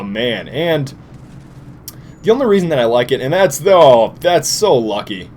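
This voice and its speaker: A tired young man giving casual, jokey gameplay commentary with sudden loud outbursts. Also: mid-range voice, big pitch swings, measured pace, long pauses, a little hiss or hum. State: tired, short on sleep. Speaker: gaming commentator.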